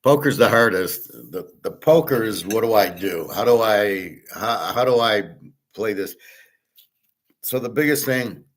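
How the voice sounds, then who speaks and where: A man's voice: on the low side, expressive, measured pace. A middle-aged man hosting his own show, talking in a loose, digressive monologue full of restarts and filler words. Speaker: host. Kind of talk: rambling casual monologue.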